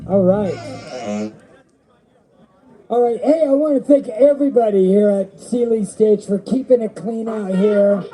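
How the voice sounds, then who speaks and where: A middle-aged man works an outdoor festival stage as emcee, rambling through jokes and stories. His voice sits high and comes across dark and mellow. Music plays faintly behind him. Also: rough recording. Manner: rambling, joking, storytelling. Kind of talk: stage banter.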